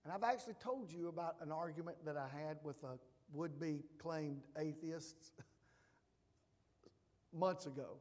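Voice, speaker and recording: A man preaching a sermon as pastor, emphatic, swinging from hushed asides to loud declarations. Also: a little high, takes it slowly, long reverb tail.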